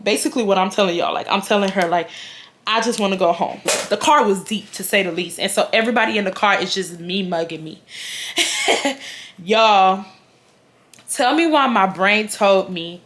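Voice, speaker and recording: Young woman doing a storytime vlog, casual slangy talk, acts out the quotes, mid pitch. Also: normal speed, fairly bright tone. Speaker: vlogger.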